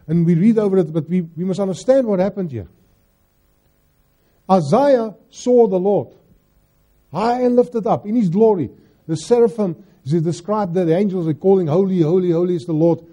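A middle-aged man with a South African accent preaching a sermon, slipping Afrikaans phrases into his English and swinging between loud scripture reading and hushed pleading. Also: high voice. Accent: South African English, Afrikaans-inflected.

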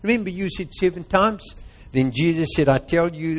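South african man, pastor, slightly high voice, preaching, questions to the congregation. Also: normal speed. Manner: interactive, quizzing the congregation. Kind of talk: sermon.

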